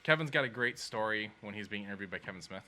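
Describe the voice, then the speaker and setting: A man co-hosting a casual podcast, telling stories with lively energy and acting out the voices of the people in them. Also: lowish voice, fast, slight background noise. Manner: animated storyteller, acts out quoted voices. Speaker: podcast co-host. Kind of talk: casual chat.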